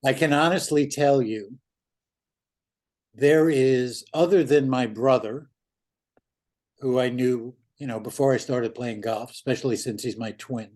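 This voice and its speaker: A man in his seventies, a guest in an easygoing interview chat. He speaks at a mid pitch in a blunt, loose way and swears now and then. He grew up in New York. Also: a little slow, pauses often, darkish tone. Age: 70s.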